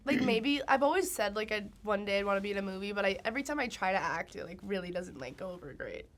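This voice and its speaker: A woman's voice: mid-range voice, expressive, fast talker. A woman in her twenties, a musician being interviewed, talking casually with lots of fillers, laughs and trailing thoughts. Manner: giggly, filler-heavy, trailing off. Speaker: guest musician.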